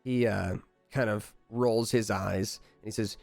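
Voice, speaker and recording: Brief: male game master, low voice, halting and relaxed narration, dry sound, faint music behind. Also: gravelly, no room sound. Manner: relaxed, halting, many fillers.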